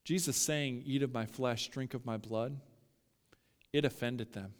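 A male pastor preaching a sermon, emphatic and building to loud peaks as he talks straight to his listeners. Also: mid-range voice, steady tone, unhurried, big-room sound.

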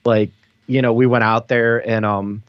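A man's voice: medium pitch, level tone, normal speed, no echo. Rambling man telling a story, lo-fi. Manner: rambling, many "like" fillers, laughs through the story. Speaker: podcast co-host. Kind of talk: casual storytelling chat. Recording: dull, dry lo-fi sound.

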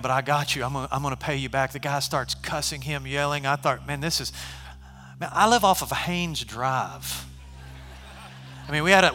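A man preaching a sermon, telling stories casually and at times shouting. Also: on the high side, a little hiss or hum. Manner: animated, shifts from conversational to shouting. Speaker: pastor. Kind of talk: sermon storytelling. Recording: long hall reverb.

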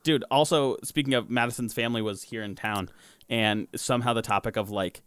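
A man with a lisp chatting casually and telling animated stories, cursing freely. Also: medium pitch, brisk, smooth, no echo. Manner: animated storyteller, swears casually. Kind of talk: casual chat.

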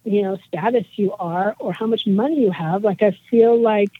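A woman's voice: mid-range voice, moderate pace, slightly rough, dry recording. A woman in her forties speaks earnestly and at length, her thoughts rambling from one point to the next. Her voice comes through a thin, phone-like line with a dry, close sound and no room around it. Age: 40s. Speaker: guest. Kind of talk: casual interview chat.

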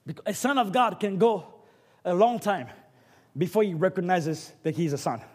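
A man preaching a sermon, with dramatic swings that build up to shouting. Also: sits high, normal speed.

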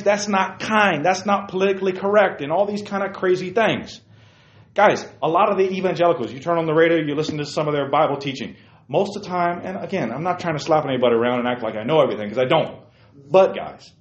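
A man hosting casual opinion talk, emphatic, swinging from quiet explaining to loud bursts. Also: on the high side. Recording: roomy, dull lo-fi sound.

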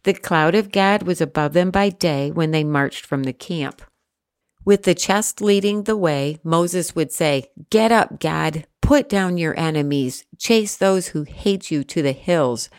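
Low-voiced woman reading scripture. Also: no echo, clean studio sound. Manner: steady, measured reading with careful pauses. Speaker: scripture reader.

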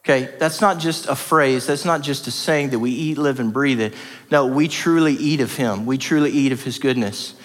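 A man's voice: mid-range voice, moderate pace. A man preaching a sermon as pastor, passionate and emphatic, with lots of repetition. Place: church hall. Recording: reverberant church hall.

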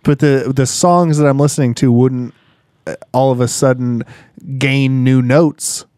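A man hosting a podcast in casual chat, quick with dry jokes. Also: medium pitch, steady tone, warm tone, no room sound. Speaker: podcast host.

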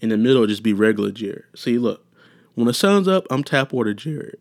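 A man's voice: medium pitch, very animated, a little fast, a little mellow. A young man hosting a solo podcast, rambling and joking, profane and casual, wandering off topic. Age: young adult. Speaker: podcast host.

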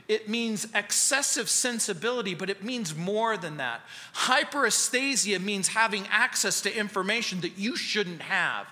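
Bright-voiced pastor preaching in an echoing hall. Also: male voice, high-pitched. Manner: earnest storytelling, sudden quiet drops for emphasis. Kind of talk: expository sermon. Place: church sanctuary. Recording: long reverb of a church hall.

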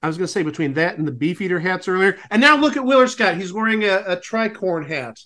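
A man's voice: high-pitched, expressive, fast talker, pushed and bright. A man co-hosting a podcast, making wry, rambling comedic asides about an old TV broadcast. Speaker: podcast co-host. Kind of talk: casual comedic commentary.

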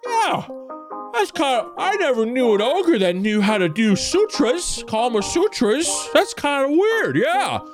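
High nasal-ish crowd gossip, a man putting it on, lively, music behind. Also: measured pace, full character voice. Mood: skeptical. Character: gossiping townsman in a crowd, doubtful.

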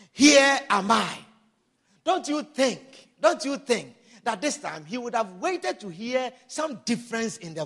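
High-voiced, animated preaching man. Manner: preaching with sudden shouts and drawn-out emphatic lines. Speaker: pastor. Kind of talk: sermon.

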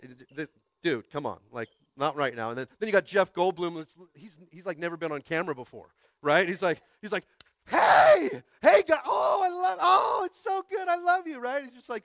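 A man's voice: medium pitch, a bit bright, clean tone, no room sound. A man preaching a casual, joking sermon as pastor, chatting with the congregation and stumbling through restarts and fillers. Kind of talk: casual sermon with crowd interaction. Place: church sanctuary.

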